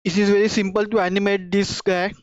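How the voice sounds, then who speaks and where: In a casual screen-recorded tutorial, a woman who hosts a 3D modeling channel walks through her work using simple phrases and hesitant fillers. Her mid-range voice keeps a level tone at a slightly quick pace. The sound is dry with no room sound, dull and a bit lo-fi.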